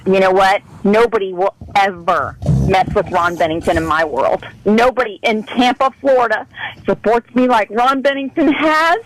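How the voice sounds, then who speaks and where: A woman's voice: mid-range voice, normal speed, slight background noise, poor audio. A woman calling into a radio show, passionate and pleading as she scolds the host. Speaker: radio caller. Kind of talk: heated radio call-in.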